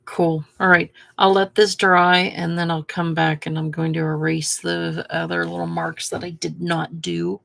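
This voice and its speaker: A woman's voice: fairly low pitch, level tone, normal speed, vocal fry, few pauses, a bit bright. A woman hosting a craft video, chatting and muttering to herself while she paints. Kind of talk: casual talk while painting.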